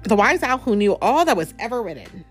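A woman reading a picture book aloud at home to a child, pausing often to chat and ask questions. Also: mid-range voice, big pitch swings, slightly rough, faint music behind. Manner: chatty, asks the child questions.

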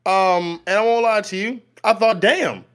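A comedian from Baltimore, a man, talking as a podcast guest in an emphatic, expressive way, driving points home by repeating himself. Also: high-pitched, unhurried. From Baltimore, Maryland. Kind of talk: casual podcast chat.

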